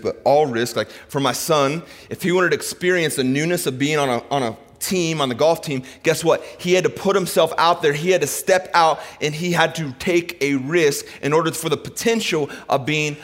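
A middle-aged man preaching a sermon in a church, animated and conversational, swinging between loud excitement and hushed softness. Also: medium pitch, moderate pace, big-room sound. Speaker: pastor. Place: church sanctuary.

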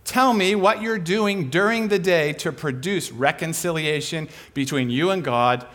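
Preaching with animation and a conversational touch, this man asks his own rhetorical questions and then answers them. He speaks a little high and unhurried.

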